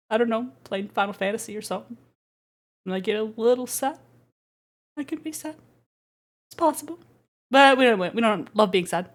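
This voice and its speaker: A woman VTuber chatting casually on a livestream, giggly and rambling, playful. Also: fairly high pitch. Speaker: VTuber streamer. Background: faint background music.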